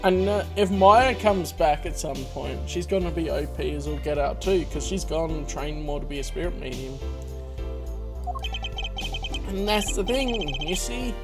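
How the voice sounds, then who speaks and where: A man's voice: a little high, moderate pace, few pauses. A man hosting a let's play, chatting casually and laughing as he reads and voices a game. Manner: chatty, animated, laughs often. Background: music.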